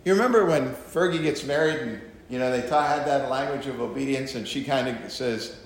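A man's voice: mid-range voice, a little fast, slight background noise. A man, a pastor, teaching from the Bible in a conversational way with joking asides to his listeners. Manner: chatty, joking asides to the audience. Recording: very echoey room.

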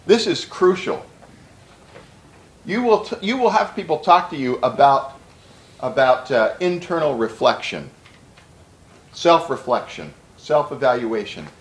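A man's voice: medium pitch, very animated, a little slow, long pauses, reverberant, poor audio. A man preaching a sermon to a room of pastors, emphatic and conversational, with repeated words for stress.

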